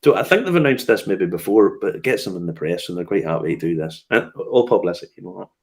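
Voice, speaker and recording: A man with a low, expressive voice and a quick pace hosts a casual whiskey news chat. He's a chatty storyteller who laughs often and fills his stories with fillers and restarts.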